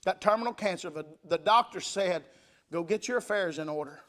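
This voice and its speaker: A man's voice: high voice, a little fast, a bit bright. A man preaching a revival sermon in a church, emphatic and calling for responses from the congregation. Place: church sanctuary.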